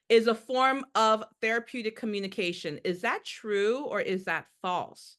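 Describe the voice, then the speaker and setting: A woman's voice: on the high side, moderate pace, few pauses, fairly bright tone. A woman who is a nursing instructor leading a live quiz review, emphatic and repeating her key points with rhetorical questions.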